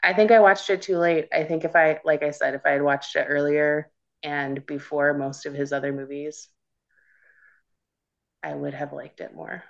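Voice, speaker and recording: Deep-voiced female panelist, candid and excitable, on a dull low-fi line. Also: moderate pace, gravelly. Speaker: podcast panelist. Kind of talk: casual chat. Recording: dull lo-fi recording.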